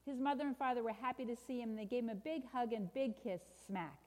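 A middle-aged woman with a fairly high voice preaches and reads a story aloud, voicing its sound effects with animated energy. Her voice rings with a long reverb in a church hall. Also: fast, hardly any pauses. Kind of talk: sermon with a read-aloud children's story.

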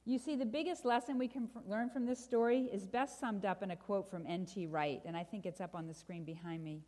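A middle-aged woman giving a sermon, reading a children's story aloud with lively sound effects before drawing the lesson. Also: medium pitch, fairly quick. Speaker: preacher. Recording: long hall reverb.

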